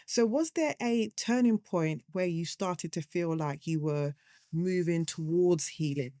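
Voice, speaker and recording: Woman host with a warm, mellow voice and dry sound, asking gentle questions. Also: on the low side, measured pace, dry recording. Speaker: podcast host. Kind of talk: interviewing a guest.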